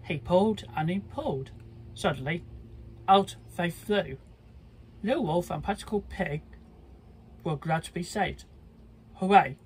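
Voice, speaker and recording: A storybook reader reading a children's story aloud, halting now and then with small slips. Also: medium pitch, slight background noise.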